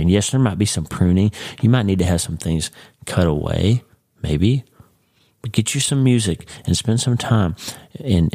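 Male podcast host, deep and mellow, encouraging devotional talk. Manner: earnest, encouraging, addresses the listener as friend.

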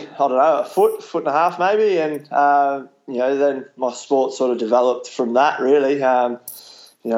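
A man's voice: medium pitch, muffled recording. Laid-back Australian man, interview guest. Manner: relaxed, hesitant, many restarts and "you know". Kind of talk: casual interview chat.

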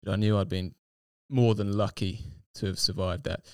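A man telling his personal faith story in a reflective, unhurried conversation, with frequent fillers. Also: lowish voice, steady tone, darkish tone, clear, resonant tone, no room sound, clean studio sound. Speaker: interview guest.

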